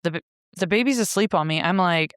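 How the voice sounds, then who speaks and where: Woman, podcast guest, candid storytelling, profane, wry, smooth clear voice, dry close sound. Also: lowish voice, a little fast, a bit bright, no echo. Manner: blunt, profane, with wry laughter.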